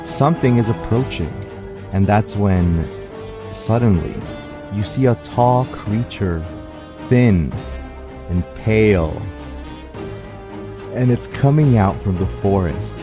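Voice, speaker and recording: Lively low-voiced man telling a story. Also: takes it slowly, long pauses, over music. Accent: non-native English. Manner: laughs often, animated storytelling. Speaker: podcast co-host. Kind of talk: casual storytelling chat.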